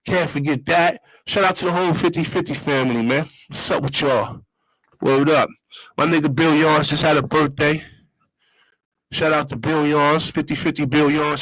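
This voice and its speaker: Man, casual monologue, street slang, repeats himself, somewhat high voice. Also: fairly bright tone, no echo, poor audio. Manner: streetwise slang, repeats phrases, loose storytelling. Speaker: show host.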